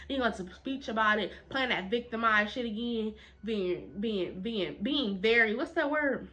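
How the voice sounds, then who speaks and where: A woman vlogger telling a story to camera in a casual, animated, blunt and profane way, repeating phrases for emphasis. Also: medium pitch, moderate pace, few pauses.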